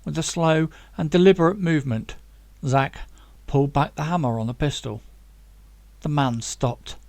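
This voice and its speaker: A man reading his own novel aloud in steady, dramatic audiobook narration. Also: fairly high pitch, moderate pace, vocal fry, no echo.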